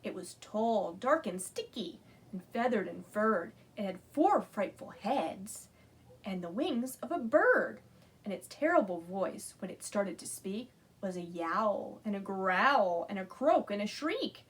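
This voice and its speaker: Librarian woman reading storytime aloud, slow and animated, slightly husky. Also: medium pitch. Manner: animated, asks children to join in. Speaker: children's librarian. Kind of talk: reading a picture book aloud.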